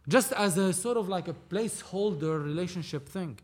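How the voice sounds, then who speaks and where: A film producer from Lebanon recounts a story during a casual interview, voicing each character in the dialogue and cursing freely. His voice is high-pitched, somewhat above the typical male range, a little mellow, and moves at a moderate pace.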